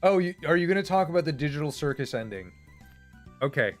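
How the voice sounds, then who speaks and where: Streamer dude ranting, swears a lot, kinda high voice, faint music in the back. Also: male voice, fast. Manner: profane, emphatic, animated. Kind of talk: casual rant. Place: home streaming setup.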